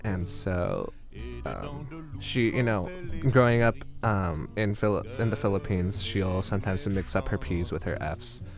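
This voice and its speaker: A young man telling personal family stories on a podcast, animated and slipping into quoted voices. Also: low voice, unhurried, creaky, music in the background. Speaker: storyteller.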